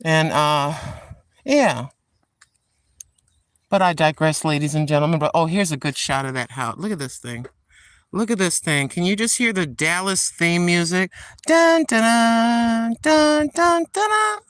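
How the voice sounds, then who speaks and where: An older woman hosting a walking vlog outdoors in a park, chatting in a rambling way and addressing viewers as ladies and gentlemen. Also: low voice, moderate pace, no echo. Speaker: vlog host. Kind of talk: casual walking vlog chat.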